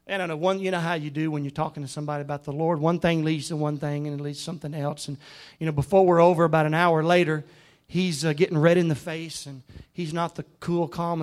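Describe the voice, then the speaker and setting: A man preaching a sermon, moving between conversational storytelling and shouted emphasis. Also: fairly high pitch.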